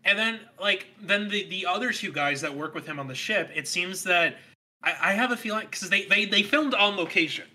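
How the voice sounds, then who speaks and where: A man's voice: sits high, fairly quick, pushed and bright. A man co-hosting a podcast, chatting loosely about a movie he watched, with lots of restarts and laughter. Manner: rambling, restarts, laughs often. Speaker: podcast co-host. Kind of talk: casual movie review chat.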